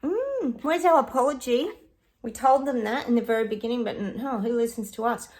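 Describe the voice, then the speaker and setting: Lively chatty woman reading oracle cards. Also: on the high side, brisk. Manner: chatty, exclamatory, talks straight to viewers as "guys". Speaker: psychic doing oracle card readings. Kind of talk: casual chat to viewers with card pulls.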